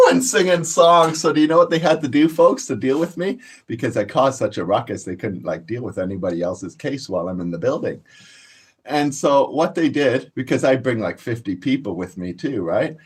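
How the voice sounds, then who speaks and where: A man's voice: medium pitch, expressive, moderate pace, breathy edge. A man, telling boastful, profane stories to his viewers in a casual rant. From Canada. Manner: profane, boastful storytelling, laughs a lot. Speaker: channel host.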